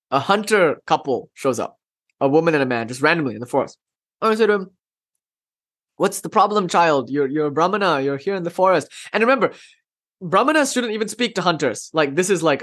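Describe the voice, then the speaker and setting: A man telling a legend in a lecture, casual and slangy, with lively retelling. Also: a little high. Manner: casual and slangy, with bursts of swearing and laughter. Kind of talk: storytelling lecture.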